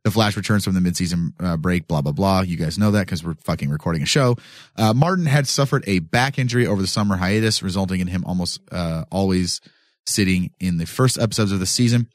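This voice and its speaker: Joking low-voiced man hosting a podcast. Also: fast, no room sound, clean studio sound. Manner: loose, joking, rambling with restarts. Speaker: podcast host. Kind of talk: casual podcast chat. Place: small studio.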